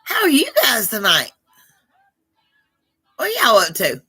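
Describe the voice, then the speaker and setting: A woman's voice: mid-range voice, wildly swooping pitch, slow pace, bright, forceful tone, breathy edge, faint music behind. A woman hosting a live psychic Q&A stream, chatting casually with viewers and calling them baby. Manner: affectionate, calls viewers baby, struggles over names.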